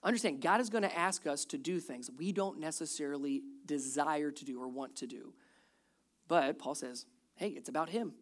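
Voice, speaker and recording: With a slightly high voice at a normal speed, a man in his thirties delivers a sermon as pastor. He keeps it conversational, lacing it with wry humor and hitting key words again and again.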